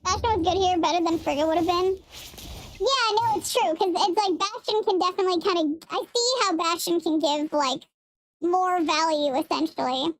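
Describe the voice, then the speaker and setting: A young adult woman game streamer, talking through a voice changer filter, chatty and thinking out loud as she plays and answers her chat. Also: very high voice, normal speed. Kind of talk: casual live-stream chat while playing.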